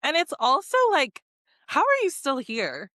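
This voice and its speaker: A woman's voice: high-pitched, unhurried, dry recording, studio quality. A woman hosting a casual podcast, telling stories with lots of energy, swearing freely and acting out quotes. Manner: animated storytelling, swearing freely, acts out quotes. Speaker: podcast host.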